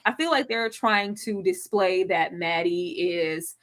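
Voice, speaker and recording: A woman's voice: mid-range voice, unhurried, fairly bright tone. A woman on a video call giving blunt, wisecracking commentary on a TV episode in casual slang. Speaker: panelist on a live TV breakdown stream.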